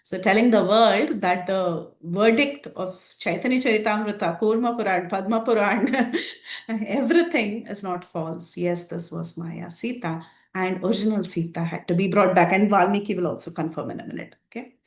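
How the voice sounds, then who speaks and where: A woman teaching a scripture class, retelling the story in a lively way and laughing often. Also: medium pitch, normal speed, reverberant. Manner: animated storytelling with frequent laughs.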